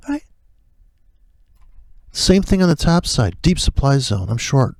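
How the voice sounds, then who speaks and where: A man talks through his live trades in a gravelly voice, blunt and swearing freely as he rambles between asides. His voice sits at a middling pitch and sounds close and dry. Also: big pitch swings, slow, pauses often, darkish tone, dry recording. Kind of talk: profane live trading commentary.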